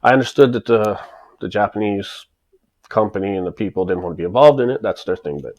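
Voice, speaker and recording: A man from the United States, a vlogger, speaks a little fast in a lowish, darkish voice about his life in Japan. He's casual and emphatic, wandering through the story and restarting often.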